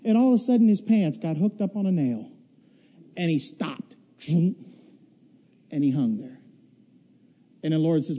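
High-voiced, mellow storytelling male pastor. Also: animated, moderate pace, long pauses. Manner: folksy storytelling, repeats words. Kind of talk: sermon.

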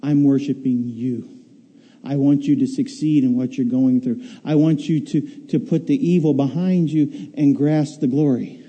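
A man preaching voices God as a calm, stern divine father, slow and firm. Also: medium pitch, breathy edge, muffled recording, close to an everyday voice. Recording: long reverb of a large hall.

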